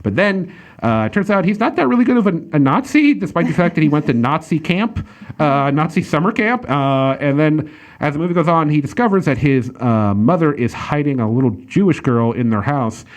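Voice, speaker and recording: Chatting casually as a podcast host, this man reviews a film in a rambling way, full of fillers and restarts, and is quick to laugh. He talks briskly and with animation in a voice on the high side.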